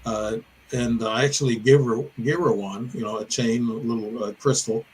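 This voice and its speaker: An older man from Illinois, a guest on a podcast, tells a winding personal story about an encounter, full of detail, wandering tangents, and self-corrections. His mid-range voice stays fairly even at a normal speed. The audio is poor, with a little hiss or hum.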